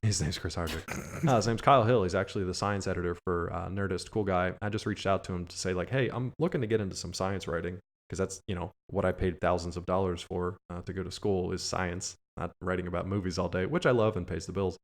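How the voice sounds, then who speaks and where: A man's voice: sits low, fairly even intonation, quick pace. A man co-hosting a podcast, chatty, running through plugs and sign-offs with light jokes. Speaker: podcast co-host. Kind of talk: casual podcast chat.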